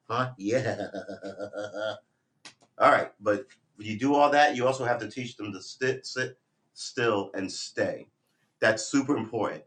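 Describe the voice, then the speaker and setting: A man's voice: fairly low pitch, fairly bright tone. A man rambling casually on a live stream, talking to viewers and to his puppy, switching to firm commands.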